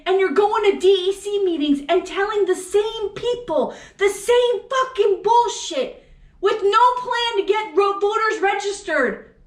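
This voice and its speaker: A woman co-host vents in an angry, profane political rant, firing off question after question. Her voice sits very high. The room around her rings with echo. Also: measured pace. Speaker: podcast co-host. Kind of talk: heated political chat. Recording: echoey room.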